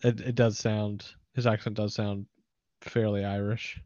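An American man co-hosting a sports show, chiming in with relaxed, thoughtful takes in casual chat. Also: lowish voice, unhurried, no room sound, muffled recording. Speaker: sports podcast co-host.

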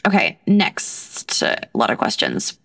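A woman's voice: extremely low pitch, huge pitch swings, slow pace, gravelly, a bit bright. A woman hosting a casual solo podcast, talking bluntly in a rambling way with heavy swearing. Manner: frequent fillers and restarts. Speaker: podcast host.

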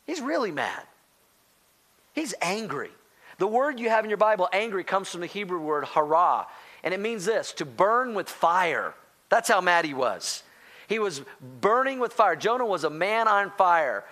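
High-voiced, animated preacher man. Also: normal speed. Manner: animated, rising to near-shouting excitement; addresses congregation directly as church. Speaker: pastor. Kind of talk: sermon.

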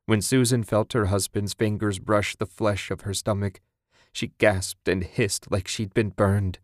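Man reading a grim story, slow and serious, deep-ish voice, no room sound. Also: fairly even intonation, no room sound, studio quality. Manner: grave, measured reading. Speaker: narrator. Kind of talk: scripted dark story narration.

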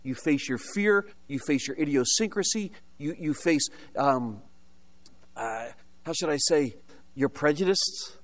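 Older American man preaching, rather high voice. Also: expressive, a little slow. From United States. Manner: storytelling, humorous asides, rhetorical questions. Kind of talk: sermon with personal testimony.

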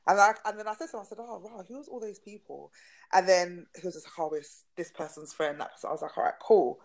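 A young woman chatting on a podcast, frank and animated as she tells a story. Her voice sits a little low and she swears without a second thought. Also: fast, low-quality recording. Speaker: podcast co-host. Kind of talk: casual chat.

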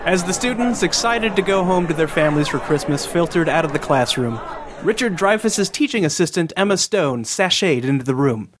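Male comedy narrator, cozy storybook delivery, slightly high voice. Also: expressive, brisk. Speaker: narrator and co-host.

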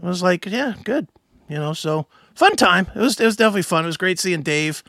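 A man co-hosting a show, telling a story in casual chat, animated and swearing, acting out other voices. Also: high voice, fast, no room sound, studio quality. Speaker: podcast co-host.

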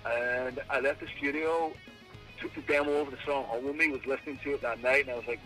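A man's voice: medium pitch, steady tone, quick pace, fairly bright tone, soft background music, low-quality recording. An Irish man, a singer and frontman, telling a story in an interview and acting out his own quoted lines.

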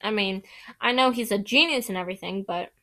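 A woman reading aloud, voicing a cheeky teenage boy making sly, quiet remarks. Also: high voice, fairly quick.

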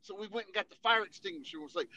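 A man's voice: high-pitched, animated, racing, gravelly, sharp tone, highs cut off. A man telling funny army stories in casual, profane storytelling, laughing and acting out voices as he goes. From Tennessee.

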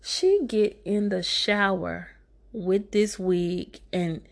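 A woman's voice: medium pitch, steady tone, slow pace, creaky. A woman giving a casual movie recap, sassy and exasperated, talking back to the filmmaker.

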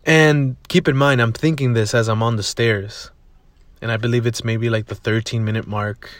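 A man's voice: mid-range voice, steady tone, normal speed, no echo. Swearing, rambling young man, dry sound. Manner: rambling, swears freely, self-correcting. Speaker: podcast host. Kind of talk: casual solo podcast monologue. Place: parked car.

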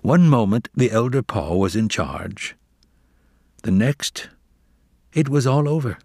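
A man reads a children's adventure aloud slowly, lingering over his words. His voice sits low but swoops widely in pitch as he builds tension. The recording is dry and close. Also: breathy edge, dry recording. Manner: expressive, animated reading. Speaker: narrator. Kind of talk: audiobook storytelling.

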